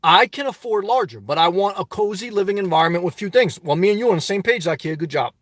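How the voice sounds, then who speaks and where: Man with a Jersey accent, high voice, dry close sound, livestream chat, animated rhetorical questions. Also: fast, no room sound. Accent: New Jersey. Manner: animated, rhetorical questions, swings loud and soft. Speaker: livestream host reading chat. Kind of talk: casual live chat monologue.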